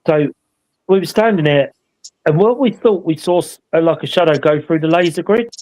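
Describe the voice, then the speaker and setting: The recording is rough, carrying a man's darkish, high-side voice at a normal speed. He's a paranormal investigator and live show co-host casually rambling through an investigation story, often using tag questions to win agreement.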